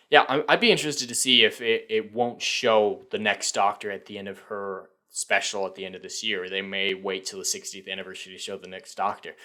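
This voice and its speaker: Man, lowish voice, sarcastic, profane, opinionated news commentary. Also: bright, forceful tone. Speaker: host of a fan news channel.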